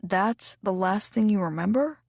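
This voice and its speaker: A woman voicing an excitable, anxious young man who gushes at his best friend, in an audiobook. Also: a little slow, gravelly, dry recording, studio quality. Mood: earnest. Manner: high-pitched and gushing.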